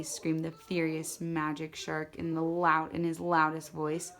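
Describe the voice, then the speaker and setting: A woman telling a children's story aloud, animated, with small slips and restarts. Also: low voice, a little slow, hardly any pauses. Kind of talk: storytelling to an audience.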